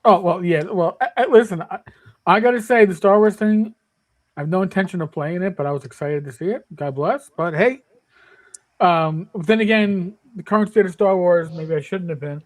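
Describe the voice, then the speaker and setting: High-voiced emphatic man in his fifties. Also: normal speed, low-quality recording. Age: 50s. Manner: emphatic, rambling with many restarts. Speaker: podcast panelist. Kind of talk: casual panel chat.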